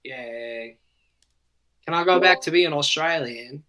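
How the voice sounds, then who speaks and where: A man's voice: fairly high pitch, takes it slowly, a loud crowd. A young man joking around on a casual podcast chat. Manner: joking, playful. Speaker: podcast co-host.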